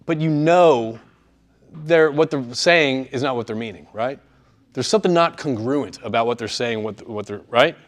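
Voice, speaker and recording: A man giving a live presentation to students in a room, speaking conversationally and often checking in with his audience. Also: mid-range voice. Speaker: workshop speaker.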